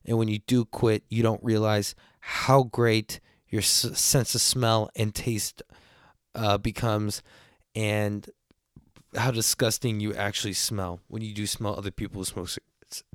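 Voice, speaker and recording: A man's voice: on the low side, measured pace, no room sound, studio quality. A man past his twenties hosting a podcast, telling a story in a loose, rambling way, full of swearing and asides. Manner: animated when quoting others. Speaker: podcast host. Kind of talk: casual storytelling.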